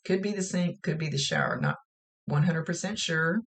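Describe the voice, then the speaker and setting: A woman's voice: low voice, huge pitch swings, moderate pace. A woman psychic medium giving a reading, chatting plainly as she relays spirit messages. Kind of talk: recorded psychic reading monologue.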